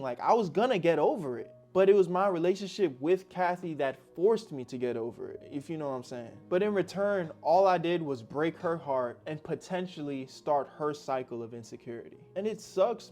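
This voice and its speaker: A man's voice: on the high side, a little mellow. A young man narrating a personal story in a candid, slangy, reflective way. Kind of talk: casual storytelling.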